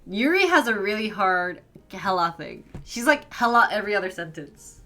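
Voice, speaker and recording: A young woman streamer from the northern United States chats casually with her live viewers, giggling and peppering her talk with "like." Her medium-pitched voice is animated, bright, and forceful, at a moderate pace.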